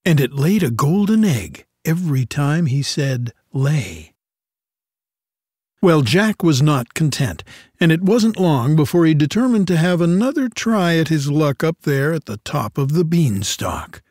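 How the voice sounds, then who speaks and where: A man reading a fairy tale aloud in an expressive, unhurried storytelling manner. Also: a little high, no echo, clean studio sound.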